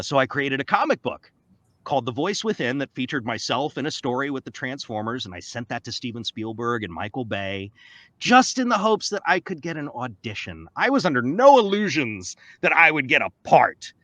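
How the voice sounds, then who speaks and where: Voice actor guest, man in his 40s, animated and excitable, bright, swooping delivery. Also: mid-range voice, normal speed, no room sound. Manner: animated, excitable, often slips into playful character voices. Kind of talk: casual interview storytelling.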